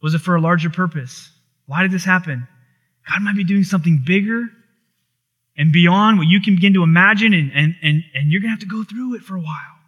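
A man delivering a sermon in a high, bright voice. He preaches with passion, repeating phrases as he builds intensity. His delivery is earnest and pastoral. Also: fairly quick, slightly rough, lo-fi sound. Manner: impassioned preaching with rising intensity and repetition.

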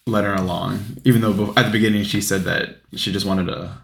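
A man's voice: lowish voice, steady tone, quick pace, gravelly, fairly bright tone, echoey room. A man co-hosting a podcast, chiming in casually about a film and laughing often. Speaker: podcast co-host. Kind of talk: casual movie discussion.

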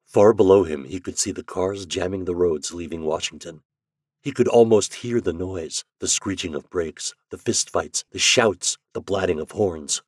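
A man reads a dramatic story aloud in a fairly low voice. His telling is steady and builds intensity. The recording sounds close and dry. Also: normal speed, no room sound. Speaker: narrator.

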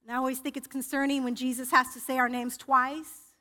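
A woman's voice: high voice, flat delivery, brisk, bright, forceful tone. A woman preacher giving a personal, confessional sermon in a church, often restarting her sentences. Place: church sanctuary. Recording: reverberant church hall.

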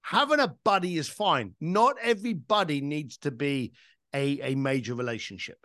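Entrepreneur-type man, middle-aged, lively emphatic delivery, dry close mic. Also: on the high side, normal speed, no echo. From East London, England. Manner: animated, emphatic, casual swearing. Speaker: podcast guest, entrepreneur and speaker. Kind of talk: conversational interview storytelling.

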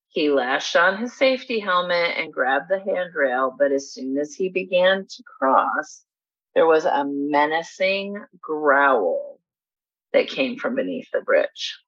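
Woman storyteller, dry mock-formal read, lowish bright voice, dull lo-fi recording. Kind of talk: scripted storybook narration.

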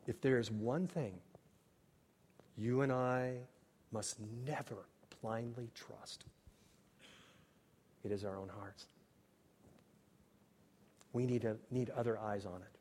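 A man delivering a sermon as pastor, earnest and shifting between hushed, quiet passages and emphatic, raised ones. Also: medium pitch, slow pace, long pauses, slight background noise. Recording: long hall reverb.

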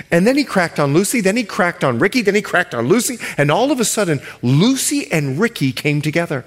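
Animated preaching pastor, a man. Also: high voice. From Bahamas. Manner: emphatic preaching, stretching key words slowly; jokes with the congregation. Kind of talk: sermon.

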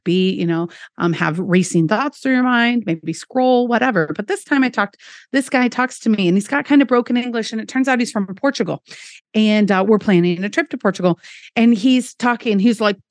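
Upbeat woman guest spinning road stories, brightish higher voice, dry close sound. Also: dry recording. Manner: animated, enthusiastic, addresses listeners directly. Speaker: keynote speaker, podcast guest. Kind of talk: lively anecdotal storytelling.

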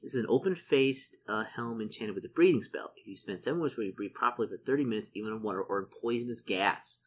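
Sex: man. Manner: excitable, muttering gamer. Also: fairly low pitch, fast, slight background noise. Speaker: solo tabletop game player. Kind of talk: casual narration of a solo gamebook.

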